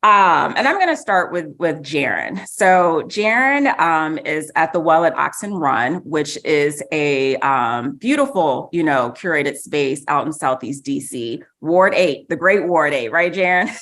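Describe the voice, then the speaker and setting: A woman's voice: low voice, expressive, slow, a bit bright. A woman moderating a panel in a casual, upbeat way, hyping up the audience and guests.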